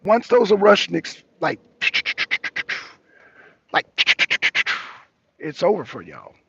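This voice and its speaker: A man's voice: high voice, huge pitch swings, moderate pace, creaky, slightly rough, no room sound. A man hosting a talk show in a casual live debate, mocking his guest and repeating himself for emphasis, heard over dull lo-fi stream audio.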